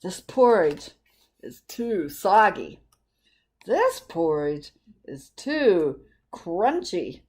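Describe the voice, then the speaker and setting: A woman voicing a fussy male bear in a picture book read-aloud, complaining slowly and deliberately. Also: lowish voice, sing-song, darkish tone, slightly rough, heavily acted. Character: grumpy fussy male bear, hard to please.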